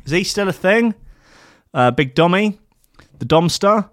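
A man delivering a rambling, deadpan satirical comedy monologue, full of fillers and restarts. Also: sits high, measured pace, no room sound, studio quality.

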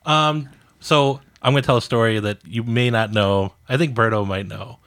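A man co-hosting a podcast, telling a workplace anecdote in a loose, animated way. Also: mid-range voice, moderate pace. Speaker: podcast co-host. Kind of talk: casual storytelling chat.

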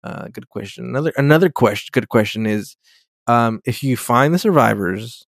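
A man's voice: mid-range voice, expressive, normal speed, dry recording, studio quality. A young man chatting casually, recapping an episode with lots of swearing, rambling restarts and loose mocking voices for the characters. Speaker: podcast co-host recapping a TV episode. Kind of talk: casual chat.

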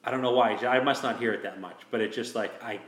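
In casual chat, a host tells a long hunting story, rambling with lots of restarts and "you know." His mid-range voice moves at a quick pace. The sound is roomy.

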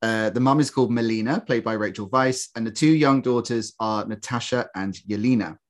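A man's voice: medium pitch, a little fast. A man co-hosting a podcast, chatting casually about a film and laughing often, with sarcastic jokes. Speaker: podcast co-host. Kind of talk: casual film review chat.

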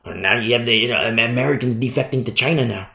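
Impassioned male pastor, gravelly, echoing hall, emphatic repetition. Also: quick pace. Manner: impassioned, emphatic preaching with big swings in pitch and loudness; repeats words for emphasis, acts out quoted voices. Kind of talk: sermon.

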